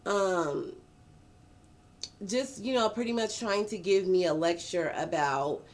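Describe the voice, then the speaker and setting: A woman tells a personal story in a casual storytime vlog, animated and profane, dragging out words for emphasis. Her voice is fairly low and she takes it slowly.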